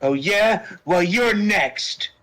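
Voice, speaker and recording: A man's voice: high voice, animated, drawn-out words, fairly bright tone, heavily acted. A man voicing a hotheaded male echidna island guardian in a comic read on stream. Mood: brash.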